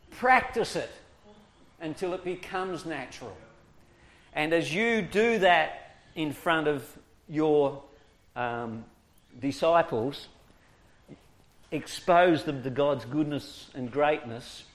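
Speaking slowly and pausing often in a fairly high voice, a preacher delivers a funny training talk to church workers in children's ministry. He chuckles a lot and performs the voices of people he quotes.

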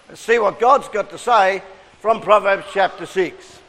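A man's voice: sits high, unhurried, a bit bright, long reverb tail, some chatter behind, poor audio. A man with an Australian accent preaching a sermon, earnest and interactive, drawing responses from his congregation.

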